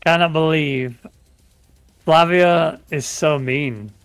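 A British man hosting a live game stream, talking in a slightly high voice. He jokes freely and keeps repeating instructions for viewers. He is close on a dry mic, with faint music underneath. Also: slow, clear, resonant tone, no echo. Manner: chatty, joking, repeats giveaway instructions. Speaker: streamer co-host. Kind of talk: live gameplay stream chat.

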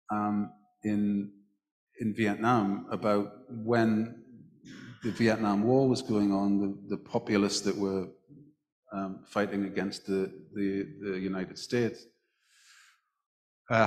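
A man as the guest at a live stage talk, telling a long anecdote with many restarts. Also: lowish voice. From England. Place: large hall at a book festival. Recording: echoey hall, roomy reverb.

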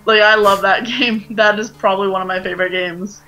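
A woman's voice: medium pitch, fairly even intonation, a little fast, bright, forceful tone, lo-fi sound, soft background music. A young woman co-hosting a game playthrough, bantering casually and laughing often. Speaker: co-host of a gameplay video. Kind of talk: casual gaming commentary.

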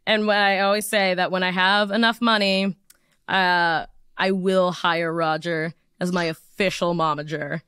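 A woman's voice: lowish voice, steady tone, measured pace, a bit bright, clean tone, no echo, studio quality. A young woman hosting a casual podcast, chatty and full of fillers, getting tearful and laughing through it. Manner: emotional, laughing through tears, lots of fillers and swearing. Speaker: podcast host. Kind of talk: casual chat.

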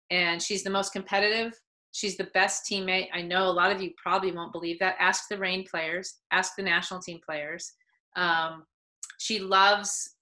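In a casual interview, a middle-aged woman who works as a soccer head coach tells stories, animatedly acting out the people she quotes. Her voice sits in the mid-range, and the recording quality is low.

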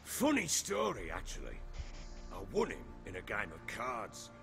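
A man's voice: on the low side, wildly swooping pitch, a little slow, creaky, heavily acted. An actor playing a boastful middle-aged warlord baron in a video game, blustery and coarse as he tells his stories. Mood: gruff. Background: game music.

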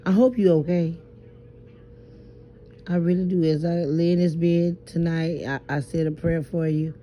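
A woman's voice: lowish voice, fairly even intonation, unhurried, dark tone, slight background noise. Rambling woman vlogging from bed. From Southern US, New Orleans. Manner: rambling, stammering, emphatic, swears freely. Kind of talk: late-night confessional vlog. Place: in bed at night. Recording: muffled lo-fi phone audio.

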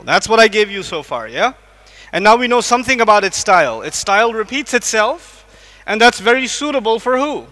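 High, sharp-voiced man lecturing in a mosque. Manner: quizzes the audience with repeated questions. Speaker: Islamic lecturer. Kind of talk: lecture to a live audience. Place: large mosque hall. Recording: long echo of a mosque hall.

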